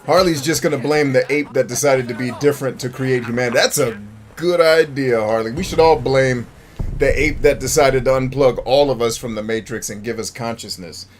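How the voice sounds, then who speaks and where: A man's voice: mid-range voice, a little fast, slight background noise. A man hosting a gameplay stream, joking, rambling and talking to his chat. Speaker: gaming streamer host. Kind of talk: casual gameplay commentary.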